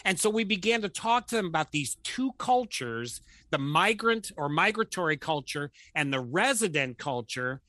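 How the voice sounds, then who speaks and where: Bright, lively man telling stories. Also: on the high side, normal speed, hardly any pauses, no room sound. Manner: animated storyteller who acts out quoted voices. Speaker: guest counselor. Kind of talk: conversational storytelling.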